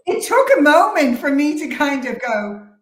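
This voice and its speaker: A woman guest who teaches meditation talks in a candid, reflective way and laughs easily in a casual interview. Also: high-pitched. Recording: roomy echo.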